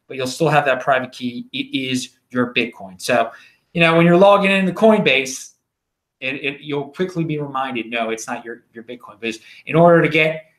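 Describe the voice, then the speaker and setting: A man's voice: medium pitch, fairly bright tone. A middle-aged man hosting his own daily show, talking straight to camera in an emphatic, preachy way, repeating key phrases and restarting sentences as he rambles. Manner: rambling, with frequent restarts and fillers. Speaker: host of a daily cryptocurrency show. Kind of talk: casual solo video monologue.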